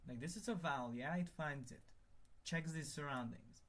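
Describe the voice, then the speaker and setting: A young man live-streaming while he works at his computer, thinking out loud, muttering to himself and swearing when things break. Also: fairly high pitch, moderate pace. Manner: thinks aloud, mutters, swears, exasperated then laughing. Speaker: conlang streamer.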